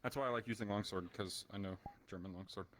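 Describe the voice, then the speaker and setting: A man's voice: fairly low pitch, fast, noisy background. A man chatting casually during a role-play game session, rambling and laughing often. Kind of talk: casual gaming chat.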